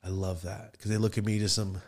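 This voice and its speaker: A man's voice: fairly low pitch, level tone, brisk, a little mellow. A young man co-hosting a casual podcast, rambling, laughing and swearing a lot as he tells stories. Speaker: podcast co-host.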